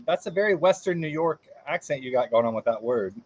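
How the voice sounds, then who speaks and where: A man co-hosting a live stream banters in a playful, teasing way about pronunciation. His voice sits a little high and moves a lot in pitch. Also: lively intonation, a little fast, a little hiss or hum. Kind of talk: casual banter.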